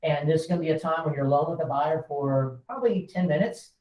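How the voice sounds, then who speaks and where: A man's voice: fairly high pitch, fast, a little mellow. Folksy man teaching in an echoey room. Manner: folksy, joking, acts out quotes. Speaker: real estate broker training agents. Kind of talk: casual training talk.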